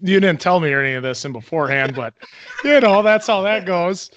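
A man's voice: high-pitched, expressive, a little fast, a bit bright, lo-fi sound, slight background noise. A man co-hosting a podcast, chatting casually and joking with the guest. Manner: joking, laughs often. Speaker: podcast co-host. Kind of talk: casual chat.

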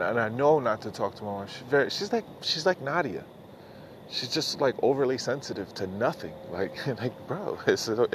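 A man's voice: mid-range voice, a little hiss or hum. A middle-aged man, rambling loosely and profanely through a casual solo podcast monologue, often mocking himself. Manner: loose, profane, self-mocking, drifts between thoughts. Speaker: podcast host.

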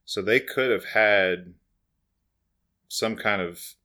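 A man's voice: on the low side, takes it slowly, pushed and bright. A man co-hosting a podcast, chatting loosely and jokingly, with casual swearing. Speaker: podcast co-host.

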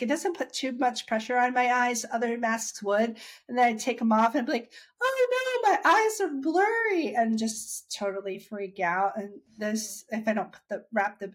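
A woman chatting about her own experience, talking freely with restarts and quoting herself and others as she goes. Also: medium pitch. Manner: chatty, with many restarts and acted-out quotes. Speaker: interviewee sharing her dry eye story. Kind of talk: casual conversational storytelling.

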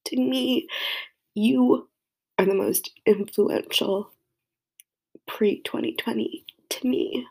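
A woman's voice: on the high side, steady tone, slow pace, gravelly, pauses often, darkish tone. A young woman crying as she gives a rambling, heartfelt tribute to a friend. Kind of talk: emotional personal tribute.

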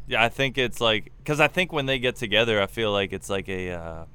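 A man's voice: lowish voice, expressive, fairly quick, sharp tone, clean tone. A young man co-hosting a podcast, chatting in a laid-back, rambling way. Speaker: podcast co-host and music producer. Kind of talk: casual chat.

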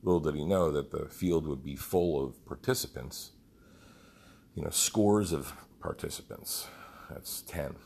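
Very deep gravelly man telling a story. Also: unhurried, a little mellow. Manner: rambling, heartfelt, profane storyteller. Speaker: fitness program leader. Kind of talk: casual storytelling monologue.

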